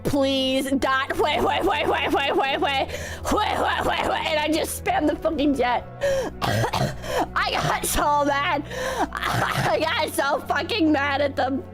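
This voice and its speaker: A young woman streamer with a high voice, hoarse and coughing from illness. She talks at an unhurried pace, mixing crude language with mocking impressions as she chats with her viewers. Soft music plays faintly behind her. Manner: animated, profane storytelling with mocking impressions. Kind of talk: casual chat with viewers.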